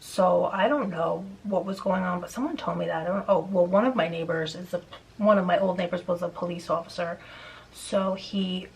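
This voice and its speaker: A woman's voice: fairly low pitch, a little hiss or hum, low-quality recording. A woman vlogger telling a neighbor story in casual, rambling chat, venting with frequent restarts.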